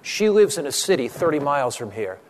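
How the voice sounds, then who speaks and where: Man doing keen young pastor, bright and pushing, echoey hall. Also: a little high, sing-song, brisk, a little hiss or hum, pitched below the performer's own voice. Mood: excited. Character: kind young male pastor, eager and warm. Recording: long hall reverb.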